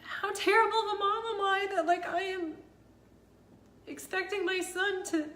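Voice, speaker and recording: A woman's voice: extremely high pitch, steady tone, moderate pace, fairly bright tone, reverberant. A woman in her thirties, a mother vlogging about a hard day, emotional and rambling, teary and laughing at herself. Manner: tearful, rambling, self-deprecating, laughs through it. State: teary after crying. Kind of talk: emotional personal vlog.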